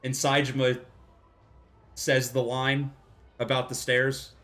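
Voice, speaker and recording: A man's voice: mid-range voice, flat delivery, takes it slowly, a bit bright. A man casually commenting while playing a video game on a live stream, joking, laughing often and swearing freely.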